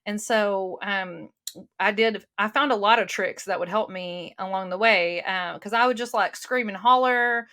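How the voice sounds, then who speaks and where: A woman's voice: mid-range voice, moderate pace, pushed and bright. A woman guest talking earnestly and casually in an interview, with many fillers and restarts, over a remote call. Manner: earnest, talks from the heart.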